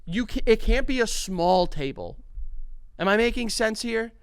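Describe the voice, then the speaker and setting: A man's voice: high voice, unhurried, clean tone, no echo. A man co-hosting a podcast, chatting casually and emphatically with friends. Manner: animated, emphatic, talks over others. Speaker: podcast co-host. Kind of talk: casual chat.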